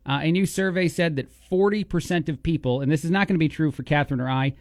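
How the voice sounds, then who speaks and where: A man hosting a radio show, chatting casually with quick, jokey asides into a studio microphone. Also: a little high, no echo. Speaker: radio host.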